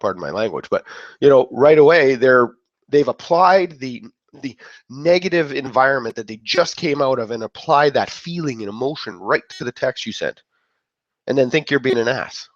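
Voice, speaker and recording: A medium-pitched male voice at normal speed carries an offhand motivational talk that meanders and stops mid-thought, with him acting out how people responded. The sound is dry, dull, and lo-fi.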